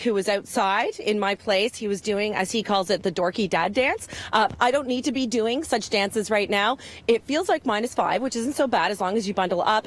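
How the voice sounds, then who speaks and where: A woman delivers a live weather report while standing outside in the snow. She talks in a chatty, upbeat way and slips in easy jokes between the temperatures and road conditions. Her voice sits at an ordinary middle pitch. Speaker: weather presenter. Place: outdoors in a snowy town.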